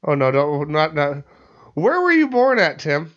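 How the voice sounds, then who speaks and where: Rambling, profane podcast host, muffled. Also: male voice, fairly high pitch, very animated, unhurried, a bit bright. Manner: rambling, profane, lots of stammered restarts. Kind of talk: casual chat. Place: studio.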